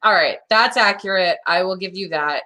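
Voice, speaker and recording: Bright-voiced woman podcast co-host. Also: moderate pace. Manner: animated storytelling, acts out quotes in a high voice. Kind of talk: casual true-crime podcast chat.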